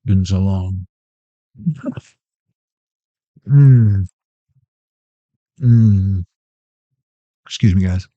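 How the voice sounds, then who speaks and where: A man's voice: deep voice, drawn-out words, pauses often, warm tone, no room sound, lo-fi sound. A man hosting a casual tarot reading vlog, full of playful jokes and asides. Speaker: tarot reader.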